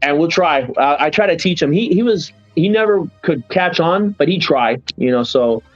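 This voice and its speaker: A man's voice: fairly high pitch, moderate pace, no echo, highs cut off, soft background music. A man hosting a podcast, telling stories in casual chat with lots of restarts. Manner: animated storyteller, many restarts and "man". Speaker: podcast host.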